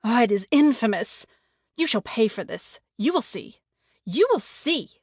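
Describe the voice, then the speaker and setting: A woman's voice: big pitch swings, a little slow, no room sound, clean studio sound. A woman voicing an indignant maid who is hiding a false identity, in a play reading. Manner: shrill, indignant protests. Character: cornered female maid posing as French, defiant. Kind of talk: amateur audiobook play reading.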